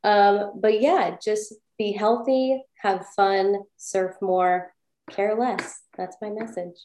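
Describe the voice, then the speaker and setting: Woman, mid pitch, emotional thank-you message, roomy sound. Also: fairly even intonation, takes it slowly, darkish tone. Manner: grateful, emotional. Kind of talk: heartfelt birthday message.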